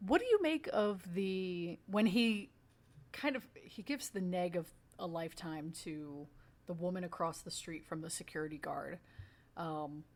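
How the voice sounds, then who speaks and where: A woman co-hosting a podcast, chatting casually about a film, laughing often and slipping into animated quotes. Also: fairly low pitch, measured pace. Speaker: podcast co-host.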